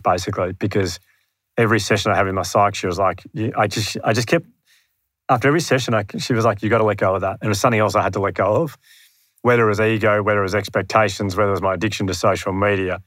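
An Australian man speaking as a podcast guest, his voice sitting low with a very dry, close sound. He tells his story earnestly and pokes fun at himself, often acting out his past thoughts. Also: fairly even intonation, racing, a bit bright, no echo. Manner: earnest, self-deprecating, acts out his own past thoughts. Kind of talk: candid storytelling in conversation. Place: room near his home.

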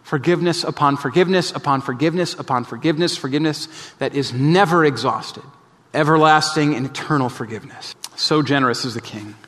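A man delivers a sermon as pastor in a somewhat high voice, earnest and emphatic. He leans into his points and then falls to a soft, low tone to press them home. A long reverb from a large sanctuary trails after each phrase. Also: a little fast.

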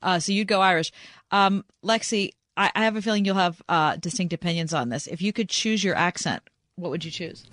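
A woman co-hosting a radio show, expressive and quick to exclaim in casual chat. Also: fairly low pitch, dry recording, clean studio sound. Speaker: radio co-host.

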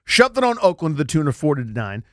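A man hosting a sports talk show, animated, his voice jumping up as he gets excited. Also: fairly high pitch, fast talker, no echo, clean studio sound. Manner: animated, voice jumps up when excited. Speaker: sports radio host.

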